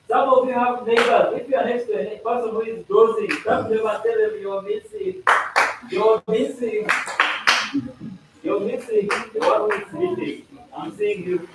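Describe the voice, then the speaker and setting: A man speaking to a gathering of students, explaining procedures interactively, checking the room often and acting out playful examples. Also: high voice. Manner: interactive, keeps asking "are we together?"; playful, acts out examples and jokes. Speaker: speaker at a school congress. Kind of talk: instructional talk to students. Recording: echoey hall from a distant mic, some noise.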